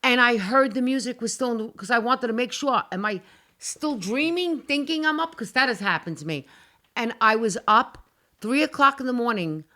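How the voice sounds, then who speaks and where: A woman's voice: a little high, expressive, moderate pace, pushed and bright. A middle-aged woman on a talk show, animatedly telling a dramatic personal story and swearing now and then. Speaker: guest. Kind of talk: casual storytelling.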